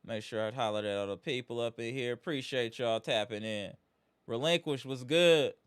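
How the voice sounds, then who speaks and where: A man's voice: mid-range voice, normal speed, smooth. A man hosting a live sports fan stream, greeting viewers by name and venting about his team's loss. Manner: hype, greets chat by name, frustrated. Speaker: livestream host.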